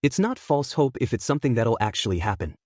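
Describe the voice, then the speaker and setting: A man voicing a reserved, earnest teenage boy hero in a quiet, measured delivery. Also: mid-range voice, sing-song, no echo, studio quality.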